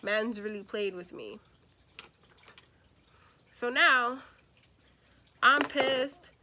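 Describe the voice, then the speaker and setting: A young woman vlogger chatting casually through a storytime as she does her makeup, lively and expressive, acting out the people in her story. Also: fairly high pitch, very slow, noisy background. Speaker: beauty vlogger.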